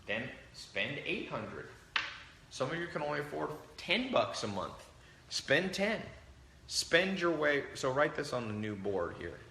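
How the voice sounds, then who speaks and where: A man hosting a livestream, giving a brash, animated motivational talk and acting out the voices he quotes. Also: on the high side, unhurried, creaky, roomy sound, a little hiss or hum. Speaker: livestream host. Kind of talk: motivational talk to a live audience.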